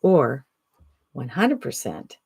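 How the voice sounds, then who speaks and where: A speaker in their sixties giving an upbeat, chatty sales pitch to camera, often tossing in a rhetorical "right?". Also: wildly swooping pitch, takes it slowly, gravelly, darkish tone, husky, no echo. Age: 60s. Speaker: online business promoter.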